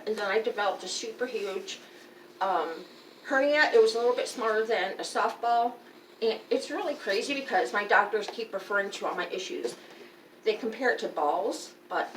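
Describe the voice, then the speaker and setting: A woman's voice: mid-range voice, fairly bright tone. Tired, candid woman in her fifties. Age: 50s. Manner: candid, blunt, emotional. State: tired and unwell. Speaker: vlogger. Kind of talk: casual personal update. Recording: roomy, distant, faint background noise.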